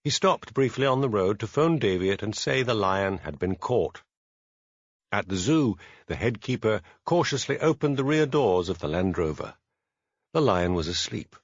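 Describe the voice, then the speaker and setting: Expressive male audiobook narrator. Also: fairly low pitch, normal speed, dry recording, muffled recording. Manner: expressive storytelling. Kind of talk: scripted narration.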